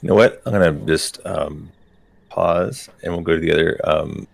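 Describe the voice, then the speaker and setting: A man running a tabletop game as game master, hesitant, with many pauses and restarts. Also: low-pitched, gravelly.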